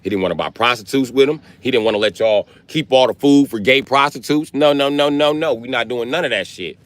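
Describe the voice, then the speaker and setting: A man's voice: medium pitch, a little fast, no room sound. A man hosting a livestream, telling rambling, profane comedic stories. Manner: profane, rambling, lively storytelling. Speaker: livestream host.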